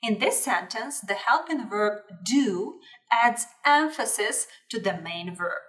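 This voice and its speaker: A woman teaching an English grammar lesson, repeating her example sentences slowly and clearly. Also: fairly high pitch, expressive, a bit bright, far from the mic. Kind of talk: slow, deliberate grammar lesson.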